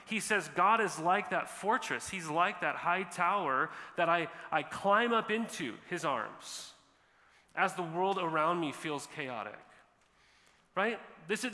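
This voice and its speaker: A man's voice: fairly high pitch, sharp tone. Male pastor preaching in a reverberant church. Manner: reads scripture slowly, then preaches with rhetorical questions. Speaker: lead pastor. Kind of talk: sermon. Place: church sanctuary. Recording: long church hall reverb.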